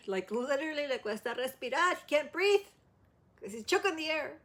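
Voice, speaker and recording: High-voiced woman critiquing singing. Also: lively intonation, normal speed, a bit bright. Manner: demonstrates by singing lines, filler-heavy "like". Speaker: music reaction host. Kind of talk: casual vocal critique.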